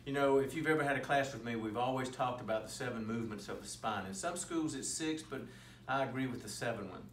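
A man leading a yoga class, giving calm step-by-step cues paced to the breath. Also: medium pitch, fast, slight background noise. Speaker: yoga instructor. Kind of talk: guided yoga class instruction. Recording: roomy echo, recorded from a distance.

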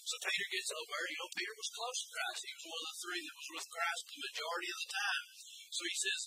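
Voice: very high voice, huge pitch swings, fast, background noise. A pastor preaching a conversational sermon, reading scripture verses aloud and explaining them plainly. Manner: conversational, reads scripture and explains it, often says "all right".

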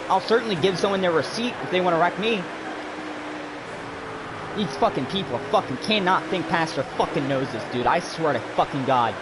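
While streaming a racing game live, a man hurls a nonstop profane, angry rant at another player. He speaks at normal speed in a fairly high, expressive voice, with background noise present.

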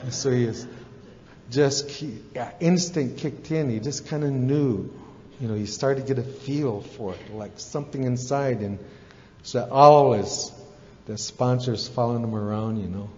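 A man's voice: mid-range voice, measured pace, dark tone, slight background noise. A man telling a folksy story in an echoey hall. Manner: casual, rambling, with fillers and asides. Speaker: recovery meeting speaker. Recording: echoey hall, dull lo-fi sound.

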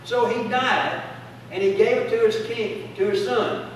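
Fervent preacher in an echoey church. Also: male voice, high voice, measured pace, a little hiss or hum. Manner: fervent, call-and-response preaching. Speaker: pastor. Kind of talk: sermon. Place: church sanctuary. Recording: echoey church hall from a distance.

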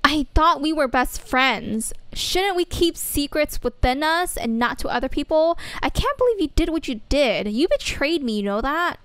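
A woman's voice: sits high, big pitch swings, moderate pace, hardly any pauses, a bit bright, dry recording. A woman doing an exasperated teen schoolgirl. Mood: angry. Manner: whiny, exasperated sighs. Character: upset teenage schoolgirl, story's main girl.

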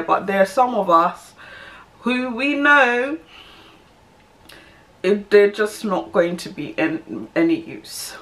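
A woman's voice: mid-range voice, a bit bright. A young woman, giving her opinion in a casual vlog, emphatic and repeating her points. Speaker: vlogger.

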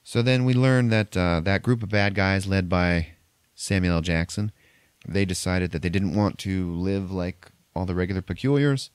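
A podcast host with a deep, smooth voice loosely recaps a film's plot at normal speed, telling it with plenty of profanity. The recording has no echo.

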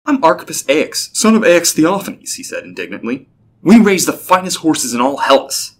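A man's voice: fairly low pitch, lively intonation, fairly quick, breathy edge. A man voicing a proud, indignant young chariot racer in a storybook reading. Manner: indignant, boastful.

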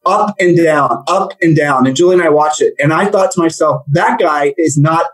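Male guest, slightly husky, fairly high voice, talks fast in stops and starts, lots of asides. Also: low-quality recording. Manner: animated, rambling, jokey storyteller. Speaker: real estate coach, guest. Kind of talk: casual podcast chat.

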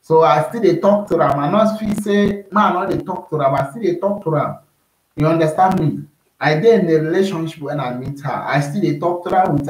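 A man's voice: a little high, a little mellow. Nigerian man vlogging in an echoey room. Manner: rambling, repeats "you understand me?". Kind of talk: casual monologue to camera.

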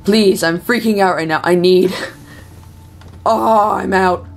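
A woman's voice: mid-range voice, slow, gravelly, pauses often. A young woman doing nervous, self-talking commentary while playing a horror game. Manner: nervous, talks to herself and the game. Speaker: gamer.

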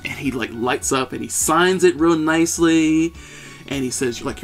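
A man in his thirties co-hosting a podcast, telling a story in an animated, excitable way. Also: mid-range voice, a little fast, gravelly, soft background music. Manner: animated, excitable, shouts at peaks. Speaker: podcast co-host. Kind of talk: casual storytelling chat.

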